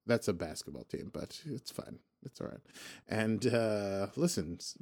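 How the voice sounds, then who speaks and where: A man's voice: lowish voice, lively intonation, a little slow, a little mellow. A man hosting a podcast, casually recapping a TV episode in a rambling, joking way, often correcting himself. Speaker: podcast host.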